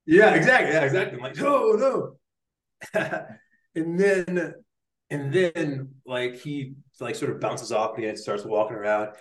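A man's voice: on the high side, a little slow. A young man and neuroscientist guest, telling a story in a casual interview, full of slang and fillers like dude and like. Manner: animated, slangy, lots of likes and dudes. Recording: roomy echo.

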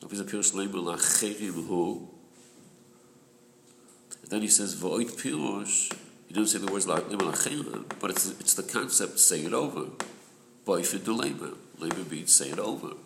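A man with a low, gravelly voice leads a group study of a religious text. He explains patiently and repeats his key point, now and then clearing his throat. The recording sounds echoey, with faint background noise. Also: lively intonation, normal speed. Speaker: Torah study group leader.

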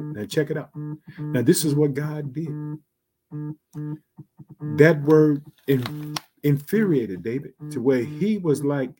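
Male preacher, online sermon, husky and mellow, emphatic, loud-soft swings, slow drawn-out phrases. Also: mid-range voice. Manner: emphatic, repeats "guess what" and "check it out"; drawls key phrases slowly.

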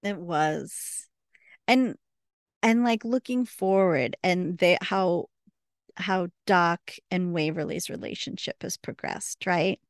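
A woman's voice: on the low side, takes it slowly, clean tone, no echo, studio quality. A woman co-hosting a podcast, chatting casually and recounting scenes with quoted dialogue. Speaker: podcast co-host. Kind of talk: casual recap chat.

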